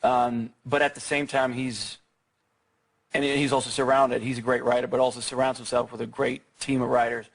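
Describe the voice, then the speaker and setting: A man's voice: mid-range voice, flat delivery, moderate pace, creaky. A man in his thirties whose first language is Swedish, answering questions in a TV studio interview, hesitant with many fillers and restarts. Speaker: actor guest.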